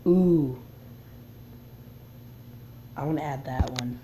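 This game player speaks slowly in a mid-range voice, with noise in the background. He narrates his play casually, voicing the game's text and tossing in chuckling asides.

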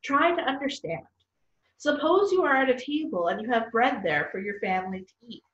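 A woman voicing a tired man who speaks quietly and slowly. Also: fairly high pitch, natural voice. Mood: weary. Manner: soft, weary, measured. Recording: distant, roomy, dull sound.

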